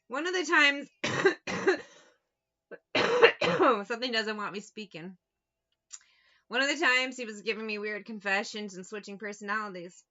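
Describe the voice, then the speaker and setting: A woman's voice: on the high side, lively intonation, measured pace, pauses often, sharp tone, muffled recording. A woman talking bluntly and with a lot of swearing as she tells anecdotes in a casual monologue as a tarot reader. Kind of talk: casual straight-to-camera monologue.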